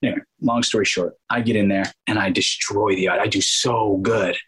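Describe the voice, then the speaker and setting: A man in his thirties, an actor as interview guest, telling stories in a lively, casual way, laughing often and acting out quotes. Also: on the low side, moderate pace, slightly rough, low-quality recording.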